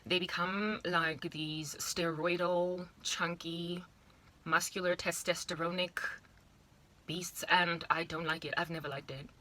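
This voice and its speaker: A woman's voice: on the low side, little pitch movement, unhurried, bright, forceful tone. A South African woman in her thirties, rambling playfully through a casual monologue with exaggerated asides. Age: 30s. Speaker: vlogger.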